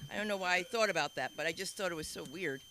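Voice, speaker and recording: A woman runs a live comedy night, her tone piercingly bright. She rambles and doubles back in loose, chatty storytelling, far from scripted. A faint hiss of the room sits behind her. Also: on the low side, fast. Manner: rambling, self-interrupting storytelling. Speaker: comedy show host. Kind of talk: stand-up emcee banter.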